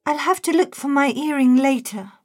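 A man's voice: very high-pitched, normal speed, a little mellow. A man voicing a young woman teacher in a children's storybook reading. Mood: upset. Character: young woman teacher, upset then cross.

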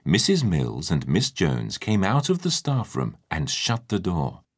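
A man narrating a children's storybook in a lively, expressive way. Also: deep voice, a little slow, husky.

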